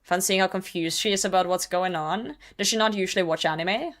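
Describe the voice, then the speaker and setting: A woman's voice: fairly low pitch, brisk. A young woman streaming a game and chatting casually, reading chat messages aloud and laughing often. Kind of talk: casual gaming livestream chat.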